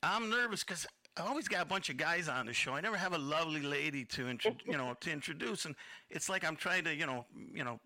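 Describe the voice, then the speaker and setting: A man's voice: on the high side, animated, fast talker, pushed and bright, dry recording. A man hosting an internet radio interview show, talking in a nervous, rambling, chuckling way. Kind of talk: casual interview chat.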